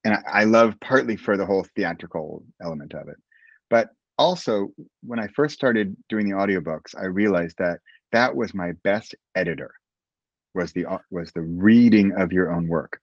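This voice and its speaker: A man who is a guest author, telling stories in a casual, animated way with frequent restarts. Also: deep voice, normal speed, dry recording. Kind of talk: casual interview chat. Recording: dull, dry lo-fi audio.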